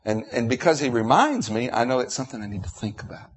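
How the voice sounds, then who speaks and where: A man's voice: mid-range voice, very animated, fast, husky. A middle-aged man preaching a sermon, emotional and repetitive, with restarts.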